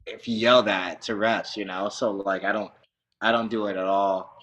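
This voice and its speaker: A man's voice: fairly low pitch, fairly even intonation, moderate pace, a bit bright. A man, a wrestling coach and podcast guest from Southern California, telling stories in a loose, profane, laughing way full of fillers. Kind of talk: casual interview chat.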